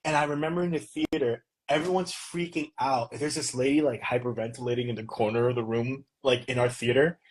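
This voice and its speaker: A man's voice: mid-range voice, fairly even intonation, fairly quick, few pauses, breathy edge, rough recording. A young man hosting a podcast, chatting casually and telling stories in a rambling way, often breaking into laughter. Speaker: podcast host. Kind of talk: casual chat.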